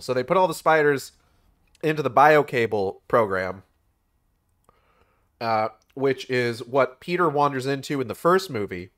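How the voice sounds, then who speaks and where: A young man streaming a game, giving a rambling, profane and animated retelling in casual commentary. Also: mid-range voice, moderate pace.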